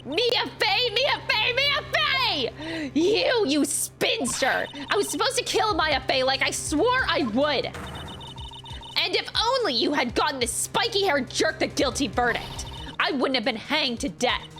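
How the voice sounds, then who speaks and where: A woman's voice: fairly high pitch, very animated, a little slow. A woman voicing a vengeful young woman who is an evil spirit, mocking and spiteful, in a video game. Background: game music.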